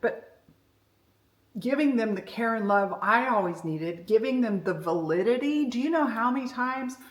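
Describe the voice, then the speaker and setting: In an echoey room, a middle-aged woman with a fairly high, animated voice speaks at a normal pace. A self-development speaker, she gives a candid, reflective monologue, telling her own story frankly.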